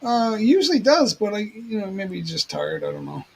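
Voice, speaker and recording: High raspy rambling man. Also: huge pitch swings, normal speed, low-quality recording. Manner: rambling, repeats himself. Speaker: livestream host. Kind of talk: casual chat.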